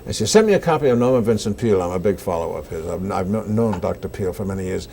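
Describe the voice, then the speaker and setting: Older man, lively animated storytelling. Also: low-pitched, rapid-fire, gravelly, a little hiss or hum. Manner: animated anecdotes with acted-out quotes. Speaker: actor being interviewed. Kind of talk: casual interview storytelling.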